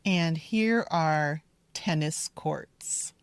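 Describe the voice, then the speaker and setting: Slow, careful woman teaching pronunciation. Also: low-pitched, smooth, dry recording, clean studio sound. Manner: deliberate, repeats model words slowly. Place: outdoors in a park, walking with her dog.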